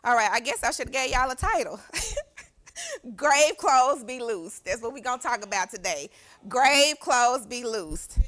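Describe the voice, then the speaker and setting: A woman's voice: on the high side, big pitch swings, measured pace, fairly bright tone. A young woman preaching a sermon as youth pastor, exuberant and calling out to the congregation in a church. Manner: exuberant, call-and-response with congregation.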